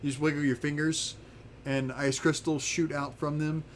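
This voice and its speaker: Laid-back male game master, slightly high voice, rambling narration. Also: normal speed. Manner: relaxed, rambling, many fillers and restarts.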